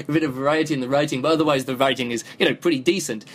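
A man's voice: mid-range voice, steady tone, fast. A man hosting a podcast, giving a casual spoken review of a book, thinking aloud with many restarts, recorded on a phone.

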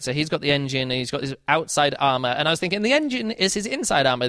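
A man's voice: fairly high pitch, a bit bright, no echo, studio quality. A man hosting a podcast, giving an unscripted, exasperated book review with sarcastic mocking asides. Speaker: podcast host reviewing books.

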